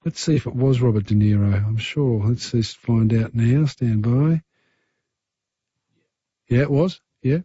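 A man's voice: medium pitch, measured pace, long pauses, dark tone, slightly rough, no room sound, dull audio. A man with an Australian accent hosting a talkback radio quiz, chatty and easygoing. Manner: chatty, easygoing, filler-heavy.

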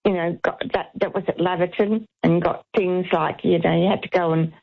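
A woman's voice: on the low side, steady tone, moderate pace, gravelly. Woman, radio caller, hesitant, reminiscing, slightly muffled. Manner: hesitant, reminiscing, many fillers. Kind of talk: reminiscing phone-in chat.

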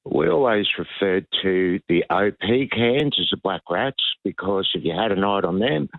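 A man's voice: low voice, animated, moderate pace, gravelly, no echo. A man with an Australian accent calling in to a radio show, laid-back and casual. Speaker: caller. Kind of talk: phone-in chat. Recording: tinny phone line.

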